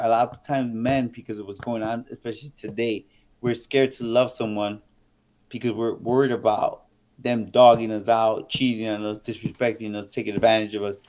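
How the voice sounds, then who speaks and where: A man who was once a kingpin, talking on a live stream as a guest. He tells animated, rambling stories with lots of restarts and swearing. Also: mid-range voice. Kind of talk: casual storytelling on a live stream.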